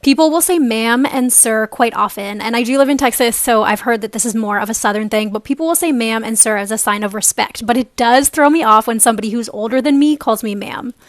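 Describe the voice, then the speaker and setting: A woman from Canada talking casually to camera, listing her points in a measured, even-handed way. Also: fairly high pitch, dry recording, clean studio sound.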